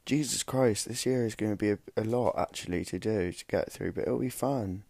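A young man hosts a casual solo podcast, rambling and poking fun at himself, sounding tired and exhausted. His voice is fairly low, creaky and a little dark, and he talks a bit quickly with no echo.

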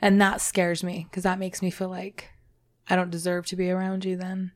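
A woman co-hosting a podcast, talking in a halting, self-doubting way and swearing casually. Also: on the low side, monotone. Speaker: podcast co-host. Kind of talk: candid conversational podcast talk.

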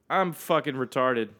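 Profane rambling young man on a podcast. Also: medium pitch. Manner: rambling, profane, animated, talks straight to listeners. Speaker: podcast host. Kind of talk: casual solo podcast monologue.

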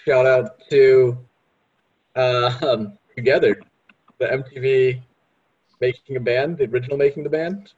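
A laid-back man drifts through a casual podcast conversation. His voice is slightly husky. The audio has a muffled, lo-fi quality. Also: medium pitch, steady tone, unhurried, long pauses, darkish tone. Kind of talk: casual chat.

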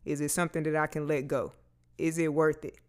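A man's voice: on the high side, flat delivery, a little fast. A man, talking candidly and casually to his viewers, swearing freely as he goes. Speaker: vlogger. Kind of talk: candid personal talk to camera.

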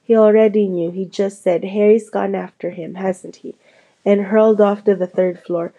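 A woman's voice: medium pitch, fairly even intonation, moderate pace, warm tone, close to an everyday voice. A woman voicing a clever, fretful teenage girl witch in a storybook reading, speaking emphatically. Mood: telling.

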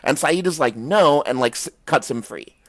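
A man's voice: medium pitch, expressive, brisk, no room sound. A man recapping a TV show on a podcast in a loose, casual way, with lots of fillers. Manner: loose, rambling recap full of "like" and "um". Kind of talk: casual chat.

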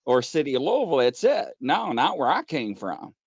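A man co-hosting a casual talk show, telling a rambling, animated story. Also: mid-range voice, normal speed, slightly rough, no room sound. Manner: animated, rambling storyteller who acts out voices. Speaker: co-host.

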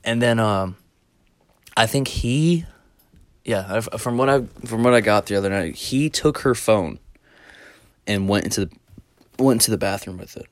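Guy rambling through a story, lots of swearing, kinda low voice, dead dry room. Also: animated, normal speed, pauses often, no echo. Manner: rambling, profane, amused. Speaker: podcast host. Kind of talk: casual storytelling chat.

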